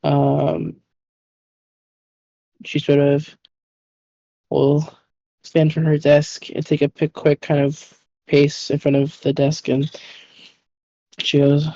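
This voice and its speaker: A woman narrates a tabletop game as game master, rambling along with fillers and casual swearing. Her voice sits low. The recording sounds dull and muffled. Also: monotone, slow pace, vocal fry, long pauses, dark tone.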